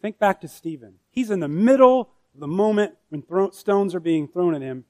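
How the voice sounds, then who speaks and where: A man's voice: high voice, animated, moderate pace, dark tone, dry recording. A man preaching a sermon as pastor, emphatic and full of rhetorical questions.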